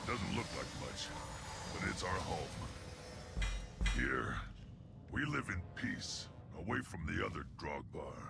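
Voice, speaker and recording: An actor playing a gruff, commanding male Drogbar chieftain in a video game, with a gravelly voice and booming declarations. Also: big pitch swings, a little slow, pauses often, heavily acted. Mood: proud. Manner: barking orders, booming declarations. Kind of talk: video game character dialogue. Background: loud game music.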